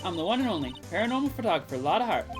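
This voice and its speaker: A woman voicing a brash, loud woman photographer with a put-on Southern drawl, reading game dialogue aloud. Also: medium pitch, sing-song, racing, over music, voice pushed up, lightly acted.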